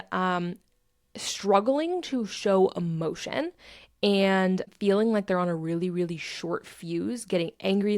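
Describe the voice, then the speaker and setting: A woman's voice: medium pitch, creaky, dry recording, studio quality. A woman hosting a podcast, talking in a blunt, emphatic, casual motivational monologue and swearing freely. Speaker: podcast host.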